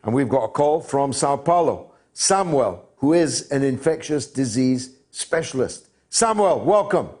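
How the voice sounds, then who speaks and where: A Scottish man in his sixties hosts a call-in radio talk show. His pitch is mid-range, and his delivery is dry and measured with frequent pauses. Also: expressive, darkish tone. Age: 60s. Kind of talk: reading listener messages on a call-in show.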